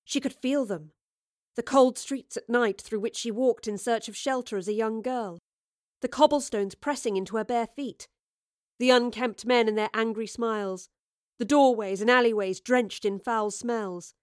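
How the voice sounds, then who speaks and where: A woman giving scripted audiobook narration of a story in a measured, vivid storytelling manner. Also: fairly high pitch, no echo, clean studio sound.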